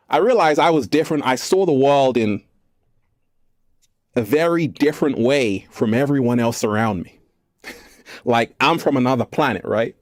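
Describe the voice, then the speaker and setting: A man from England talking casually to camera from an art gallery, playful and animated, stretching out his words. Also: mid-range voice, no echo, clean studio sound. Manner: animated, playful, slow drawn-out phrases, fond addresses to viewers. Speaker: vlogger and self-help speaker. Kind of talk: casual spiritual talk to camera.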